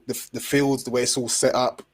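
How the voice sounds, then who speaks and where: A man from Montserrat hosts a podcast and talks in a relaxed, reflective way. His voice sits at an ordinary pitch for a man. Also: fairly quick. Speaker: podcast host. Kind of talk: casual podcast chat.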